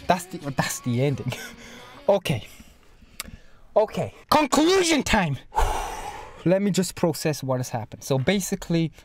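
A man hosting an anime reaction channel, giving live commentary that turns to excited shouting and stammering in disbelief, speaking into a desk microphone. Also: on the high side, unhurried, long pauses.

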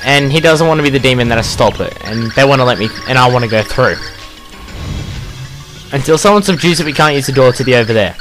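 A young man, commentating a video game playthrough, crude and swearing, yelling at the game. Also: mid-range voice, lively intonation, fast talker, music in the background. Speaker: let's play gamer.

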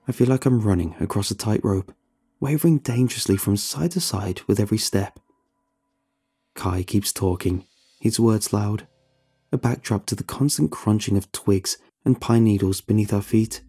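A man reading a horror story aloud in a measured, dramatic narration style, with faint music behind him. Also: on the low side, dark tone, breathy edge.

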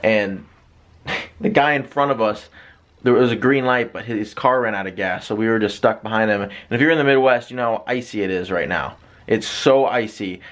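A man's voice: fairly low pitch, normal speed, fairly bright tone. A young man chatting and teasing playfully in a casual home vlog. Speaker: vlogger.

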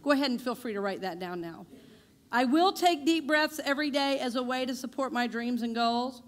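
A woman's voice: sits high, brisk. A woman minister giving a chatty, conversational sermon in a church, joking with her congregation. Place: church sanctuary.

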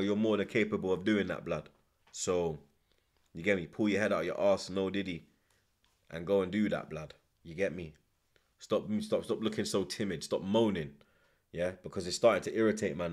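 Live-streaming a football watchalong, a young man chats animatedly in a low voice with fairly even intonation and a slightly fast pace. He fills his commentary with slang and keeps repeating tag words.

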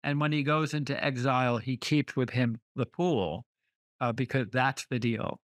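A man giving an online literature lecture over a video call, talking deliberately and reading verse aloud with careful emphasis. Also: mid-range voice, steady tone. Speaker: lecturer on poetry.

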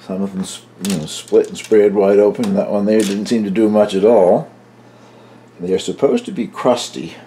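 An older man casually narrating his home baking for a cooking video, chatty and relaxed, tasting as he talks. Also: lowish voice, normal speed, a little hiss or hum. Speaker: home baker, channel host.

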